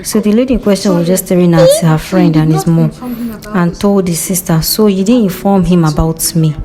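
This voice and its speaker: A woman's voice: fairly low pitch, moderate pace, crowd noise. A woman casually retelling a movie's scenes, chatty and quoting the characters' lines as she goes. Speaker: movie recap narrator.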